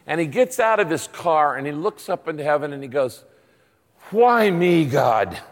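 A pastor preaching a sermon, animated and acting out little voices in his stories. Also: fairly high pitch, brisk. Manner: animated, acts out voices in anecdotes. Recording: long reverb of a large hall.

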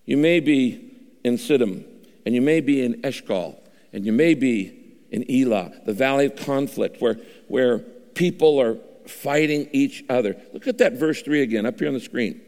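A male pastor preaching a sermon, shifting his pitch and pausing dramatically for emphasis in a large church. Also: a little mellow. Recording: long hall reverb.

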